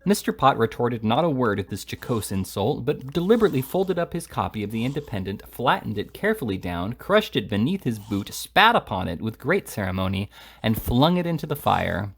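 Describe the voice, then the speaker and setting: A man reading a classic novel aloud at a steady pace, with occasional stumbles. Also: medium pitch, fairly quick, creaky, breathy edge. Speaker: reader.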